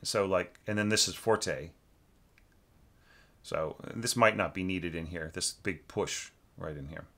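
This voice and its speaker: Bright-voiced man critiquing orchestration. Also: low voice, measured pace. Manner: rambling with many fillers, sings out rhythms. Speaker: orchestration teacher. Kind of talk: casual score critique.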